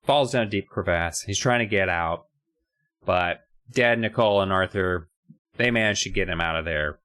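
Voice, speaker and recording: A man's voice: moderate pace, a bit bright. A man co-hosting a podcast, casually and jokingly recapping a book with profanity. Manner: joking, profane, acts out characters with big pitch jumps. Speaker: podcast co-host.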